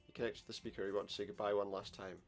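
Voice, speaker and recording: A man's voice: lowish voice, level tone, racing, soft background music. A man playing through an adventure game, commenting wryly and reading the dialogue aloud. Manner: wry, sarcastic asides. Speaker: let's play gamer.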